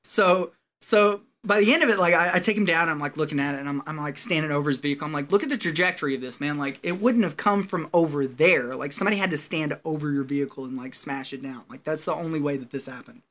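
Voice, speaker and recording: A man, a former Marine, telling a story in casual chat, animated and profane, often laughing as he talks. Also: on the high side, fast talker, few pauses.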